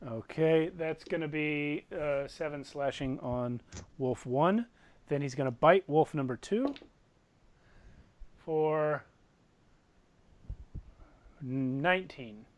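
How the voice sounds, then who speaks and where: A man's voice: fairly high pitch, slow pace, pauses often. A man narrating and running combat as game master of a tabletop game, describing the blows vividly and energetically.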